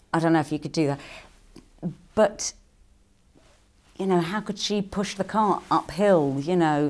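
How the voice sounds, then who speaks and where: Low-voiced, chatty middle-aged woman. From England. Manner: chatty and playful, with quick jumps into higher quoted voices. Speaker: actress and singer answering fan questions. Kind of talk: casual interview answers.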